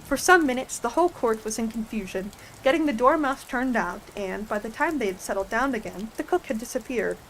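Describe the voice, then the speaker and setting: A woman streamer narrating a storybook in a soft, unhurried ASMR reading voice. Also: fairly high pitch, rough recording.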